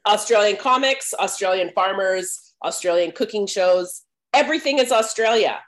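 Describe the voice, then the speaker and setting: A woman's voice: mid-range voice, moderate pace. A woman co-hosting a podcast, chatting casually with frequent laughs while sick with covid. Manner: chatty, laughs often, self-mocking. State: recovering from covid. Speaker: podcast co-host. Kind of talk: casual chat.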